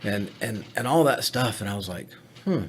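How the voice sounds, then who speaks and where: A man speaking as a podcast guest in casual chat, candid and self-deprecating, with halting restarts. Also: on the low side, a little hiss or hum.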